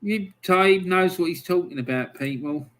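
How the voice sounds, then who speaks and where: A man's voice: high-pitched, normal speed, a bit bright. A man hosting his own football review channel, talking alone in a chatty, exasperated, bantering way. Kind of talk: solo football review talk.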